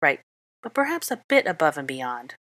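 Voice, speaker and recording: A woman reading the part of a clever young witch, speaking briskly with exasperation in an audiobook-style fan reading. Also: low-pitched, very animated, fairly bright tone, no echo. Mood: exasperated.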